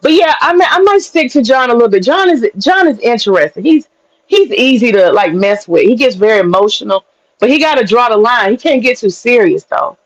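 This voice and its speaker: A woman's voice: fairly high pitch, lively intonation, brisk, no echo, poor audio. A woman guest chatting casually on a livestream, brash, teasing and profane. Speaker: stream guest.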